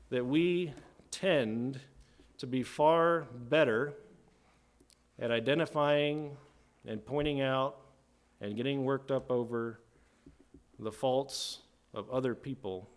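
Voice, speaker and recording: A man's voice: mid-range voice, slow pace, pauses often. A middle-aged man preaching a sermon in a conversational way, often checking in with "right?". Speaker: pastor.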